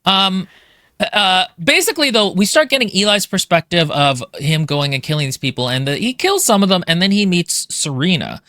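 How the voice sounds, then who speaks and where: Guy on a book podcast, bright voice, bouncy pitch, rambly, dry close mic. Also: normal speed, no room sound. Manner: animated, rambling with fillers and restarts. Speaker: podcast co-host. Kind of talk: casual book discussion.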